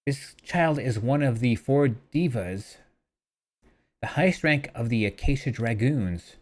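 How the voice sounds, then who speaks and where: A stern game soldier read by a man who warns about a deadly child fighter. His delivery is flat and steady, pitched a little above the reader's normal voice. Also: unhurried, close to an everyday voice.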